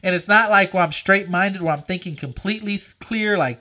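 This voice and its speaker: A man telling a story in casual chat, animated and profane, full of likes and dudes. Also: high-pitched, brisk, hardly any pauses, a little hiss or hum.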